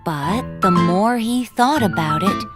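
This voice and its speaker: A woman narrating a children's story in a gentle, expressive way. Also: medium pitch, takes it slowly. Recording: faint background music.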